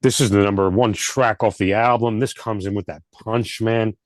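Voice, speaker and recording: A man's voice: lowish voice, steady tone, moderate pace, no echo, studio quality. A man co-hosting a casual album review chat, laid-back and rambling with restarts. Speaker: podcast co-host.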